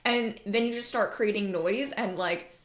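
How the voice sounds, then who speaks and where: A woman's voice: medium pitch, unhurried, reverberant. A woman hosting an advice podcast about marketing. She talks in a candid, chatty way, swears casually, and acts out the voices she quotes. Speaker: podcast host, marketing coach.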